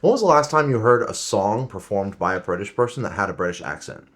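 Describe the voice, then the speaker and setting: A man's voice: on the low side, expressive, fast, a bit bright. Young man ranting in mock outrage. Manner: mock-indignant ranting, swearing. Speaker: podcast co-host, strongman competitor. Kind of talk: casual podcast chat with a comic rant.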